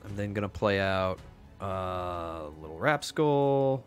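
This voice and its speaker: A man's voice: deep voice, animated, slow, clean tone, faint music behind. A man co-hosting a casual show, talking through his card-game moves and teasing his opponent. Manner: playful, teasing, narrates his moves aloud. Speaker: podcast co-host playing a card game. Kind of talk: casual game-play banter.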